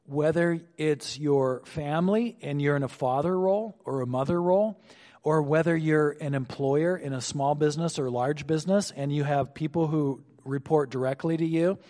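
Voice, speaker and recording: A male pastor preaching an expository sermon, slowing down to stress points and dropping his voice on asides. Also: dark tone. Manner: expository, slows for emphasis, drops low on asides. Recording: long hall reverb.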